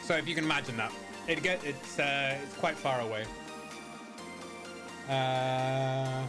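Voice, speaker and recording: A man's voice: medium pitch, steady tone, a little slow, pauses often, music in the background. A man giving casual, rambling gameplay commentary with many fillers and restarts. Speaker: gaming video host.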